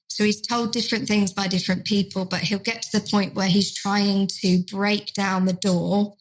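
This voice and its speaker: A woman's voice: mid-range voice, little pitch movement, moderate pace, few pauses, poor audio. A woman, a dementia trainer telling a care story in a podcast chat and acting out the quoted voices. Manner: acts out carers' and residents' lines in quoted voices.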